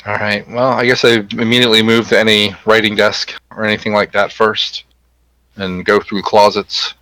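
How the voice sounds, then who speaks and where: A man playing a tabletop game, asking methodical, deliberate questions. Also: fairly low pitch, little pitch movement, bright, forceful tone, dry recording, poor audio. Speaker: player. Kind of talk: casual tabletop play.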